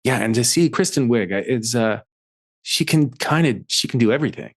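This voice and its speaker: A man's voice: mid-range voice, expressive, a little fast, no echo, studio quality. A man guesting on a podcast, talking in a hesitant, wandering way in casual chat.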